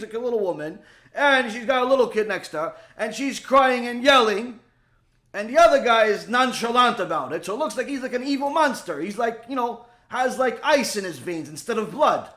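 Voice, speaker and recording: A man giving a Torah lecture as a rabbi, telling stories in an animated way and acting out the dialogue. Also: sits high. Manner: animated storytelling, acts out dialogue.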